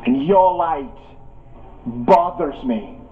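A man voicing a hateful female serpent in a storytold sermon, speaking slowly and drawn out. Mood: cold. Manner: slow, low and drawn out. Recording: tinny phone-like sound.

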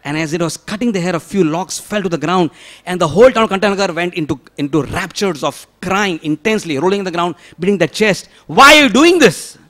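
Guy preaching, kinda high voice, goes loud then whispery, keeps asking the crowd questions. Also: fast talker. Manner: dramatic, swings from loud pleading to hushed whispers; rhetorical questions to the audience. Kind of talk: devotional sermon storytelling.

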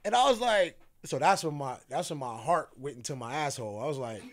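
A man's voice: fairly high pitch, animated, a little fast. A man who is a podcast guest, casually telling a story, acting out the quoted dialogue and laughing often.

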